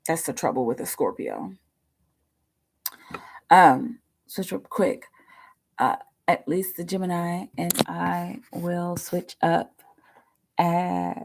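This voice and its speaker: A woman's voice: on the low side, creaky, mellow. A woman hosting a live tarot reading stream, talking in a chatty, rambling way with lots of fillers and casual swearing. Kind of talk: casual livestream chat.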